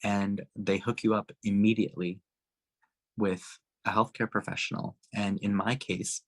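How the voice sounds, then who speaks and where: A man's voice: on the low side, level tone, moderate pace. A man speaking earnestly at a town hall, telling a personal story with frequent restarts and fillers. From Canada.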